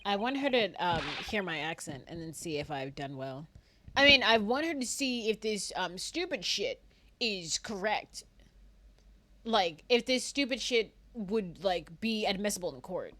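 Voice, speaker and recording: A woman streamer chatting casually during gameplay, animated, laughing and swearing freely. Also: mid-range voice, a little slow. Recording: game music behind.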